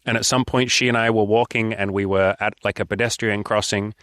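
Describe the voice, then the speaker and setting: A man's voice: on the low side, fairly even intonation, brisk, fairly bright tone, no room sound, studio quality. A young man giving frank dating advice in a casual vlog. He is blunt, swears freely and acts out bits of dialogue. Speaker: dating coach.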